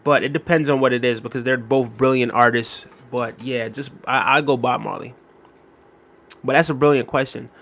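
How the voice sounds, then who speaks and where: A young man hosts a live stream in a loose, rambling way, thinking aloud as he answers viewer comments. He talks in an easy conversational manner with plenty of fillers, and his voice sits at an ordinary middle pitch. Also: steady tone, normal speed, fairly bright tone, a little hiss or hum. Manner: rambling and conversational, many fillers, reacting to chat. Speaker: livestream host.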